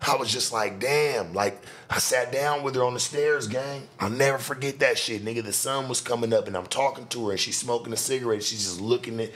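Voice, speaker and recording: A man's voice: mid-range voice, fairly quick, hardly any pauses, fairly bright tone. A man hosting a podcast, telling a street story in casual, profane slang. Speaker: podcast host.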